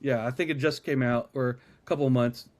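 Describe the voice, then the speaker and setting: A man in his forties from Texas, a podcast guest telling stories in an animated, laughing way. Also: mid-range voice, brisk. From Texas, United States. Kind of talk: casual storytelling chat.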